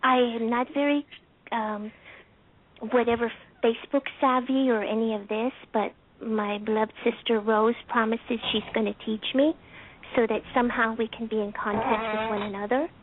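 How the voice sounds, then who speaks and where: A woman calling in to a talk show by phone, speaking in a heartfelt, halting and soft-spoken way. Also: fairly high pitch, fairly even intonation, a little hiss or hum. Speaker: caller. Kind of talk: emotional call-in testimony. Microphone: telephone. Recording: tinny phone line.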